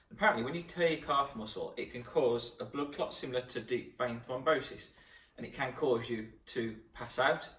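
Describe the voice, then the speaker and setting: A man's voice: medium pitch, sharp tone. A man, the host of a fitness channel, chatting casually about an injury. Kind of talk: casual chat. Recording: echoey room, mic at a distance.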